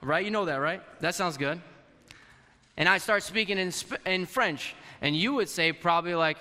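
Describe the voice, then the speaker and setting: A man's voice: high-pitched, moderate pace, sharp tone. A man whose first language is Portuguese, preaching a conversational sermon to a congregation and asking them questions. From Portuguese-speaking country. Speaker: pastor. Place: church hall. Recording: long hall reverb.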